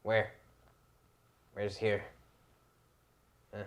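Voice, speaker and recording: A woman's voice: a bass voice, little pitch movement, drawn-out words, full character voice. A woman voicing a bossy, argumentative puppet in a comedy skit, dramatic and sarcastic.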